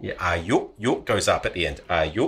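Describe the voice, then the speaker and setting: Fast-talking man coaching pronunciation, husky. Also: deep voice. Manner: quick, animated, demonstrates sounds by mimicking. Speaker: linguist and language coach. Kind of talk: teaching pronunciation in a podcast.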